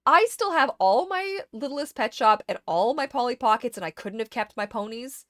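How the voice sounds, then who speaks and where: A woman streamer casually chatting to herself while sorting items in a game, getting animated when something excites her. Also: on the high side, normal speed, few pauses, no room sound, studio quality. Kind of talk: casual gameplay chat.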